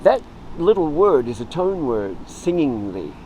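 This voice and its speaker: A middle-aged man with a somewhat high voice speaks a little slowly while giving a laid-back writing lesson. He discusses the origins of words and acts out short example lines, and the low-quality recording has slight background noise.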